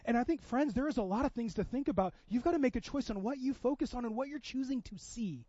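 High-voiced man preaching a sermon. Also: animated, quick pace, mellow, dry recording, muffled recording. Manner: conversational preaching, acts out quoted voices. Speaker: pastor.

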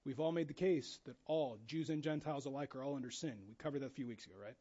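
A man preaching a casual, animated sermon, acting out quotes in different voices. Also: mid-range voice, fast talker, dull audio. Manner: animated, acts out quotes with shifting voice. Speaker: pastor.

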